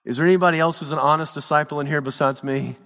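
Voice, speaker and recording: A man preaching a sermon in a church, swinging between shouted peaks and hushed low lines. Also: steady tone, rapid-fire, in a large hall. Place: church sanctuary.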